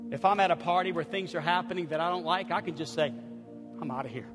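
A pastor preaching a sermon and leading a closing prayer, moving from hushed, intimate lines to rising, impassioned outbursts. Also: male voice, sits high, fairly even intonation, quick pace. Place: church sanctuary. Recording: echoey hall with music behind. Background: soft music underneath.

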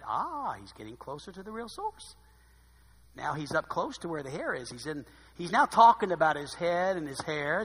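High, bright-voiced man preaching. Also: sing-song, normal speed, husky. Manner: dramatic, swinging from hushed asides to loud emphasis. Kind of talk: sermon. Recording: long hall reverb.

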